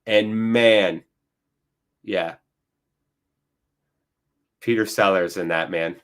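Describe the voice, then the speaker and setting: A man hosting a live football watchalong, mixing casual play-by-play with rambling chat asides in an excitable way. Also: low voice, very slow.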